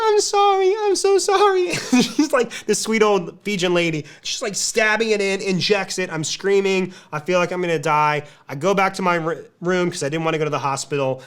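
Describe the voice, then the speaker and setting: A man hosting a podcast, telling a lively story to a live client community, with a speaking pace that quickens and slows. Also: sits high, clear, resonant tone. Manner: animated storytelling, pace shifts. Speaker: podcast host.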